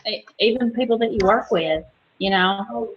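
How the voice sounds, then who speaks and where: A woman's voice: medium pitch, moderate pace. A woman in a casual group discussion, telling an office story with many "you know"s. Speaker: discussion participant. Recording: dull sound, faint noise.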